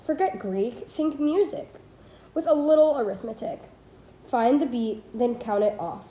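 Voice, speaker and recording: A woman's voice: fairly high pitch, lively intonation, a little slow, warm tone, roomy sound. A teenage girl reading a nonfiction book aloud as a homemade audiobook, careful and plain, with small slips and self-corrections. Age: teens. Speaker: student reader. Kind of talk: amateur audiobook read-aloud.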